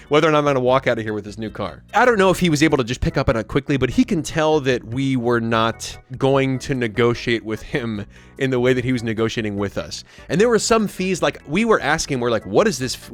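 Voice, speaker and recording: Young male streamer, rambling and animated, mid-pitched, soft music underneath. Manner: animated, rambling, mimics people he quotes. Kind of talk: casual storytelling to camera. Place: home streaming setup. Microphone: studio mic.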